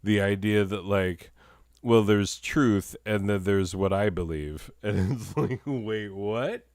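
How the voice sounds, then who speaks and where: A man's voice: fairly low pitch, takes it slowly, a little mellow, no echo, studio quality. A man hosting a comedy show, telling a rambling self-deprecating story with chuckling asides and digressions. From Arizona.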